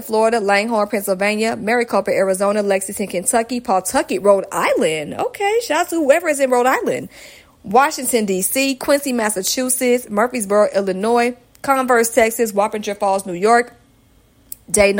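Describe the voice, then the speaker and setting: A woman from Atlanta hosting her own podcast, reading shout-outs to listeners in an upbeat, slangy, casual way. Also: mid-range voice. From Atlanta, Georgia, USA. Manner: upbeat and slangy, reading off a long list of places. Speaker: podcast host.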